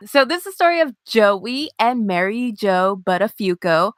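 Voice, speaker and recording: Woman podcast cohost spinning a tale, cusses a lot, laughs loud, dry close mic. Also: mid-range voice, very animated, moderate pace, no room sound. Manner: loud laughing, swearing, storytelling. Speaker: podcast co-host. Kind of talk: casual chat.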